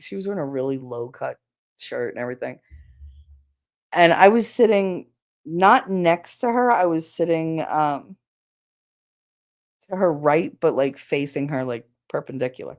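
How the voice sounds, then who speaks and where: A woman hosting a podcast and chatting casually. She tells stories in a low voice, swears freely and slips into the voices of people she quotes. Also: darkish tone. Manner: candid and profane, acts out quoted lines. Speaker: podcast host. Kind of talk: casual storytelling chat.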